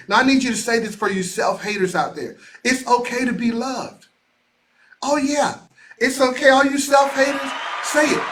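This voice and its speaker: A man hosting a motivational video call, leading listeners through affirmations in an energetic, preacher-like way, often repeating and shouting lines. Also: very high voice, fairly quick. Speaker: association CEO hosting a weekly motivational show. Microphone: live video call.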